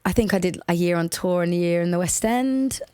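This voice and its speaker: A woman's voice: on the low side, brisk, mellow, smooth, no echo, studio quality. A woman from Liverpool with a Watford accent, co-hosting a podcast in a chatty, self-deprecating way. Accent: Watford, England. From Liverpool, England. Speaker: podcast co-host. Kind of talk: casual chat.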